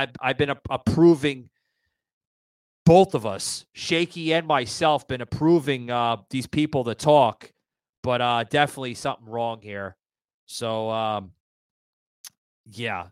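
Getting fired up on his political talk show, a male podcast host rants heatedly, swears a lot and keeps stammering into restarts. The live audio room broadcast carries his mid-range, clean-toned voice with no room sound.

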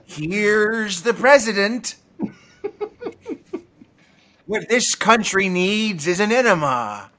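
A man's voice: high-pitched, expressive, slow, bright, forceful tone, voice pushed up, exaggerated voice. A man putting on a hammy impression of an older male president, mixed up with a film star, in a podcast chat.

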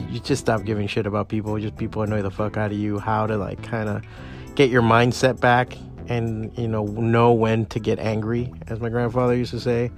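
A man hosting a solo podcast, talking casually in a rambling, profane way full of restarts. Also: mid-range voice. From part Cuban family. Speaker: podcast host.

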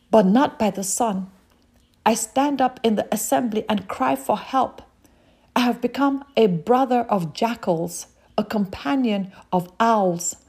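A woman's voice: a little high, a little mellow, breathy edge. A woman preaching a sermon, reading scripture aloud and speaking directly to her listeners in an earnest way.

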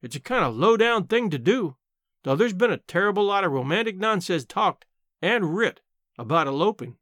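A man doing a blunt, sharp-tongued old aunt. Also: high voice, very animated, moderate pace, no echo, studio quality. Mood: scolding, practical. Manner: sharp, matter-of-fact, grumbling. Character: blunt, plainspoken elderly aunt, woman.

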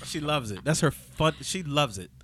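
A man, a guest comedian, telling an animated story in a casual chat and laughing often. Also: on the high side, normal speed, no room sound. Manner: expressive, laughs often, acts out voices.

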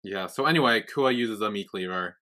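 Bright-voiced laid-back young man. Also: fairly low pitch, normal speed. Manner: laid-back, swears casually, retells scenes. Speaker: podcast co-host. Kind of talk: casual chat.

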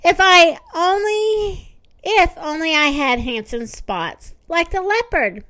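Storybook figure: a woman voicing a gloomy hippo, high and slow, wistful. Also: animated, sharp tone, no echo, heavily acted. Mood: sad. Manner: wistful, mournful sighing delivery. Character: sad, self-conscious female hippopotamus. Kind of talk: storybook read-aloud.

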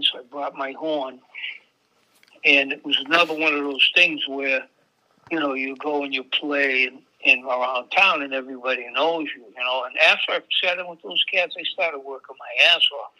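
A man's voice: medium pitch, steady tone, normal speed, sharp tone, low-quality recording. An older man, a jazz saxophonist telling loose, profane stories in a casual interview and acting out the other people in them. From Boston area. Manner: swearing, acts out voices in anecdotes.

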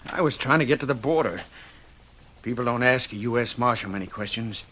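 A man plays a rugged Western drifter who has been passing himself off as a marshal, earnest and on the defensive in a 1940s radio play. His voice is bright and forceful, with a middle pitch. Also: a little fast, a little hiss or hum, lightly acted, poor audio. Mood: tense.

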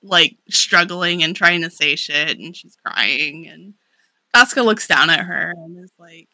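Here is a woman chatting casually on a podcast, her voice bright and forceful. She runs through a story full of "like" fillers and swearing, tossing off the characters' lines in her own voice. The recording is dry and close, with no room sound. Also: lowish voice, no echo. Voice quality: casual, swearing, lots of "like" fillers, acts out characters in quick paraphrase. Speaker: podcast co-host. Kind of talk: casual chat recapping a manga.

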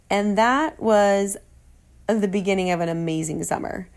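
A woman, a fitness trainer, telling a personal story in an animated way and acting out the dialogue she quotes. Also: a little slow. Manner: animated, acts out quoted dialogue with sarcastic jumps in pitch.

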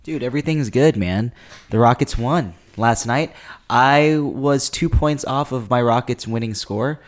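A man's voice: medium pitch, unhurried. A man co-hosting a casual sports podcast, laid-back with dry jokes, reading a game recap. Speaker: podcast co-host.

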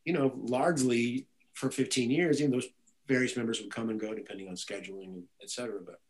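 A man's voice: mid-range voice, quick pace, poor audio. A man, a guitarist and music director, telling stories in a casual interview with many restarts. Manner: rambling, animated storytelling with many restarts.

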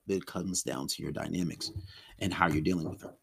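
A man's voice: sits low, a little fast, vocal fry, slightly rough. A man teaching a relationship course in a loose, conversational way, often acting out his clients' complaints. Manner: loose and conversational, many ums and restarts, acts out clients' complaints. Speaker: relationship coach. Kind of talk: casual spoken lesson.

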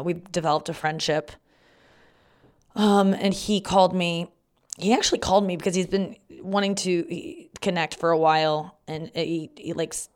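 A woman's voice: on the low side, smooth. Candid, rambling woman comic telling stories. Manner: rambling, candid, swears freely, acts out quoted dialogue. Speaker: comedian podcast host. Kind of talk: casual storytelling monologue.

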